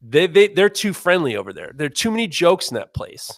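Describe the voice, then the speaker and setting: A man in his forties telling a self-mocking story in casual chat, animated and swearing as he talks. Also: high-pitched, brisk, no echo, clean studio sound. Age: 40s. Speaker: podcast host.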